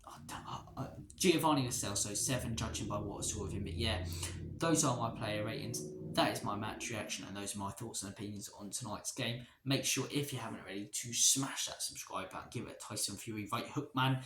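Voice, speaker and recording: A man's voice: fairly low pitch, fairly quick. A man hosting a casual football match reaction, giving player ratings in a chatty, opinionated, rambling way. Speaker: football fan channel host. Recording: echoey room with faint noise.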